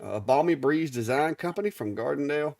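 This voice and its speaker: A man's voice: fairly high pitch, animated, fairly quick, gravelly, a little mellow, no echo. A middle-aged man with a Southern Alabama accent, co-hosting a live stream in an easygoing drawl and stumbling over names. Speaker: live show co-host. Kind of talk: casual live-stream chat.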